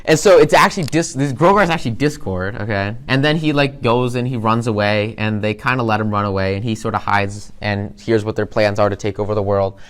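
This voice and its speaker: A man casually retelling a cartoon plot in an excited, rambling way, full of fillers. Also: lowish voice, a little fast, hardly any pauses, smooth. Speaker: presenter recapping a cartoon episode.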